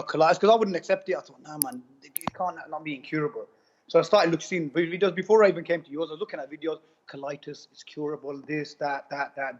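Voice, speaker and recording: A man tells his own story in an interview, loose and slangy, circling back and repeating himself as he goes. His voice sits a little high for a man. The recording is muffled and lo-fi. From United Kingdom. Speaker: interviewee giving a testimonial. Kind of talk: casual storytelling. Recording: dull lo-fi sound.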